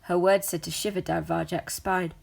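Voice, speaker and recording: A woman reads a storybook aloud in a steady, measured way. Her voice sits low and carries a gravelly, husky grain. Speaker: narrator.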